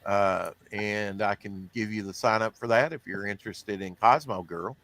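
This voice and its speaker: A man's voice: fairly low pitch, moderate pace, fairly bright tone, dry recording. A man hosting a comics podcast, reading news in a rambling, casual way, with lots of fillers. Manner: rambling, filler-heavy, self-deprecating. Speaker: podcast host.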